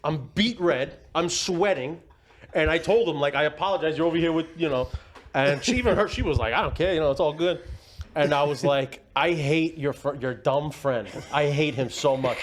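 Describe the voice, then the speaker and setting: A man's voice: a little high, normal speed, a little hiss or hum. A man hosting a casual podcast, telling a rambling anecdote full of quoted dialogue. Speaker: podcast host. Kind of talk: casual storytelling chat.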